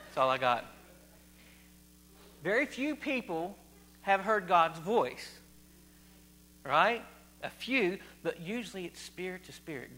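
In a chatty informal sermon, a man from Virginia, also described as West Virginia, keeps questioning the congregation and repeats phrases. His voice is high-pitched, pushed, and bright.

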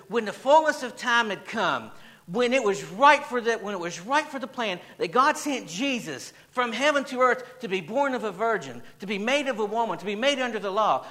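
His voice sits high, pushed and bright, on a rough recording. The pastor preaches a church sermon in a storytelling way, reading an anecdote aloud while repeating phrases and throwing questions at the congregation.

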